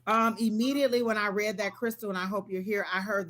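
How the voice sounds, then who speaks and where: A woman's voice: mid-range voice, fairly even intonation, fast, fairly bright tone. A woman giving psychic readings to viewers on a live stream, talking in an earnest, repetitive, motivational way with casual phrasing. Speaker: tarot and psychic reader.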